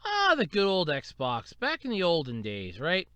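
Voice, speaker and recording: A man's voice: fairly high pitch, wildly swooping pitch, a little slow, sharp tone, clear, resonant tone, dry recording. A man hosting a solo podcast, talking casually and animatedly, swearing freely and acting out quotes. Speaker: podcast host.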